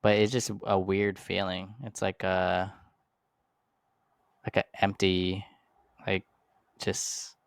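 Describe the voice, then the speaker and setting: A male podcast host asking a guest questions in a halting, hesitant way. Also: low-pitched, flat delivery, clean tone, no room sound. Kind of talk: interview chat.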